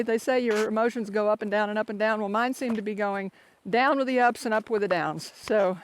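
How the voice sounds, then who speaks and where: A man's voice: sits high, brisk, hardly any pauses. Older male hiker vlogger, rambling and self-mocking, recorded outdoors on a phone with faint background noise. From Florida. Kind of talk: casual vlog while hiking. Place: outdoors on a foggy mountain trail. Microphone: handheld phone camera.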